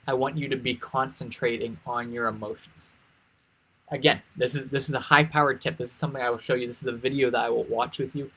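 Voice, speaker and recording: Here a man who works as an interview coach leads pageant contestants through a live-streamed session with plenty of energy. His voice is husky, he keeps repeating the key points, and his pitch swoops to illustrate emotions, all on a low-quality recording.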